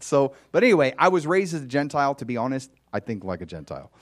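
A man's voice: medium pitch, quick pace, no echo, clean studio sound. A man giving an informal, conversational sermon as a Bible teacher. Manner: animated, conversational, acts out dialogue.

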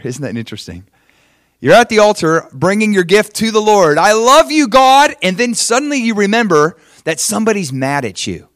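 Animated male preacher, dry sound. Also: on the high side, no echo. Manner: animated preaching, swings from loud emphatic to soft and hushed. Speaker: pastor. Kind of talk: sermon.

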